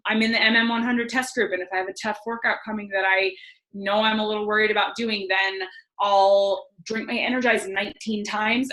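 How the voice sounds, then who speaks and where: On a team call, a young guest speaker gives a chatty motivational talk, her fairly high voice sharp in tone. Enthusiastic and casual, she fills her speech with "like," and her words echo around the room.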